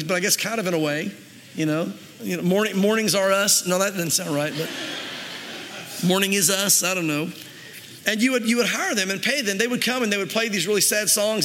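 A man's voice: high voice, pushed and bright, in a large hall. A man preaching a sermon as pastor, earnest and conversational, with restarts and asides, in a church.

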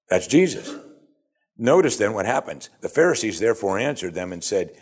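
Husky-voiced preacher with a lively delivery. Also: male voice, fairly low pitch, a little fast. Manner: conversational, acts out quoted speakers. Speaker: preacher teaching from scripture. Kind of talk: sermon.

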